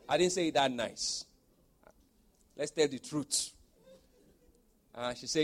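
A man in his forties preaching a sermon, telling a personal story and moving from soft storytelling to loud exhortation. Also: a little high, normal speed, long pauses.

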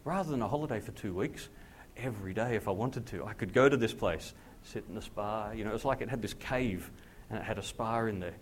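A man, a pastor telling a personal testimony in a sermon, acting out the dialogue with lively jumps in his voice. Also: brisk, few pauses, a little hiss or hum. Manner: animated storyteller who acts out dialogue with big pitch jumps.

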